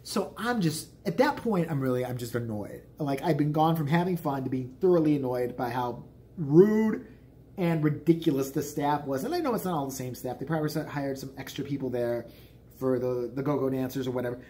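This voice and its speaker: Profane, animated man ranting in his 40s. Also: medium pitch, fairly quick. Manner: profane, exasperated, animated storyteller. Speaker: vlogger. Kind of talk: casual ranting storytelling.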